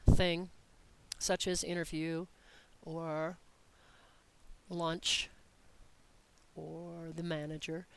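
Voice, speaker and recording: A Spanish teacher explaining grammar step by step in a recorded lesson, patient and methodical, reading example sentences slowly and clearly. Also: mid-range voice, fairly bright tone, poor audio.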